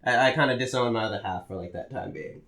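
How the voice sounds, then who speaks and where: A man's voice: medium pitch, fast, creaky. Young man telling a story with gusto. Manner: animated storyteller, heavy swearing, acts out quotes. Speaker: podcast co-host. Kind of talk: casual chat, storytelling.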